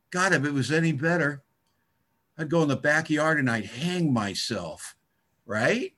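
A man's voice: fairly high pitch, expressive, a little slow, bright, forceful tone. A middle-aged man speaking at a recovery meeting, telling his story with wry, self-mocking humor.

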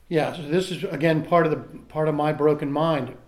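A man's voice: on the high side, fairly even intonation, a little fast, hardly any pauses. A man reading aloud from a recovery book and sharing his own story in a candid, self-mocking way, often restarting his sentences. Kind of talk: reading aloud and personal testimony.

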